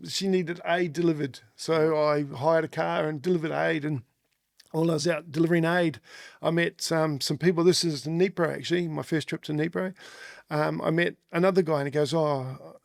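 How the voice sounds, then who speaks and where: This is a middle-aged Australian man telling his stories casually in an interview. He has a gravelly voice that sits slightly high, and he laughs often as he acts out the voices of other people. The sound is dry and close. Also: dry recording. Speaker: guest.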